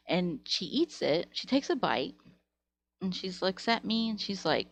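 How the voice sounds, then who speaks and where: A woman live streamer telling stories in a casual, animated way, laughing often. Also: medium pitch, a little slow, vocal fry, dull audio, slight background noise. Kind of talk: casual storytelling to chat.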